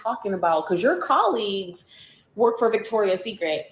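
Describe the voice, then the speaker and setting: A woman's voice: medium pitch, sing-song, moderate pace, reverberant. A woman, a media personality and author, telling candid interview stories in a blunt, profane, sarcastic way.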